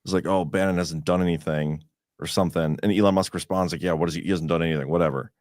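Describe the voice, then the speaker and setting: Deep-voiced man in loose, profane chat. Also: steady tone, quick pace, darkish tone, no echo, clean studio sound. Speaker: podcast co-host. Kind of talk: casual chat.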